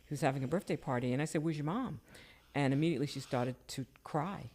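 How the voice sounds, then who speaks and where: An older woman telling personal stories in casual conversation, her voice jumping up whenever she quotes someone. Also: quick pace. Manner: animated, jumps high when quoting people. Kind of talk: casual storytelling.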